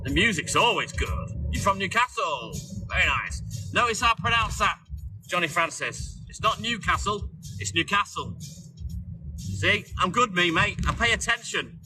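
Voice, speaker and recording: A man with a North Welsh accent and a slightly raised voice hosts a relaxed livestream. He chats in a wry, easygoing way and answers viewers by name. Clear music plays behind him the whole time. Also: high-pitched, moderate pace, low-quality recording. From North Wales. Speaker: livestream host. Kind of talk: casual live chat with viewers.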